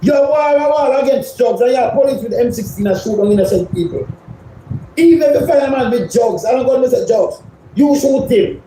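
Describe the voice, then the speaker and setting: A man's voice: extremely high pitch, fairly quick, warm tone, slight background noise. A Jamaican man giving a heated, rambling political rant as a commentator, repeating himself as he argues. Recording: very echoey room.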